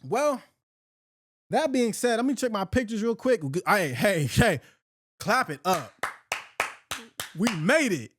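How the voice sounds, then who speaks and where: Animated, heated man ranting. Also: high-pitched, takes it slowly, pauses often, no echo, studio quality. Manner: heated, profane, rambling with restarts and slang. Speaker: podcast host. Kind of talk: unfiltered solo talk.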